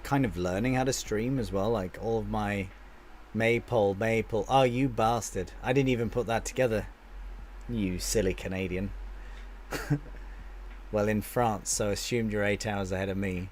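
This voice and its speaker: A chatty male game streamer with a fairly low voice talks loosely to his viewers. He answers their comments one by one and often stops and restarts mid-sentence. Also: a little mellow, slight background noise. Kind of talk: casual live-stream chat with viewers.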